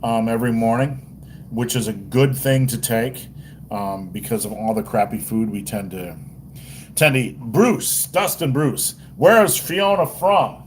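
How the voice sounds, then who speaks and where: A man hosts a casual livestream, rambling and joking with crude language. His voice is mid-range and unhurried, with slight background noise.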